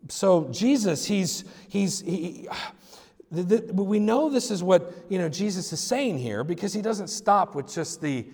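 A male pastor delivers a conversational sermon, his voice sitting a little higher than most men's. He talks informally, restarting phrases and doubling words as he goes. The recording carries the long reverb of a church sanctuary. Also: lively intonation, a little slow, darkish tone, husky.

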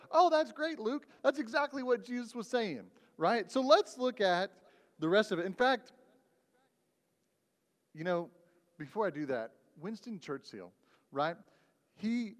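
A man's voice: a little high, big-room sound. A man preaching a conversational sermon as pastor, often checking in with the congregation. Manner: conversational, asks "right?" often. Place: church sanctuary.

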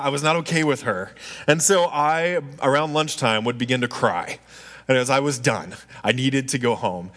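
A man delivers a storytelling sermon in a relaxed, conversational manner. He keeps checking in with his listeners. His voice rings with a long reverb in a large hall. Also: medium pitch. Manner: conversational, asks the audience "right?" often. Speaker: preacher.

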